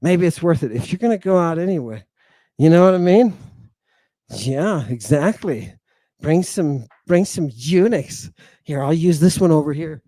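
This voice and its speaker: A man's voice: fairly high pitch, lively intonation, a little slow, dark tone, slight background noise. A man hosting a lecture-style show, emphatic and playful, who keeps checking in with the listener. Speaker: host.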